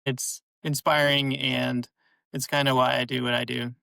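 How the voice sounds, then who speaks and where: A man, a clinical psychologist, answering interview questions in a calm, measured, instructive way. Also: mid-range voice, vocal fry, dry recording, low-quality recording.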